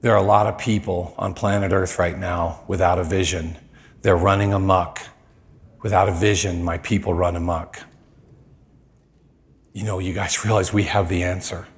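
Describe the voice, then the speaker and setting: Animated male preacher telling stories. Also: normal speed. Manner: animated storyteller, voice jumps high when quoting people. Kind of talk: sermon with storytelling. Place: church.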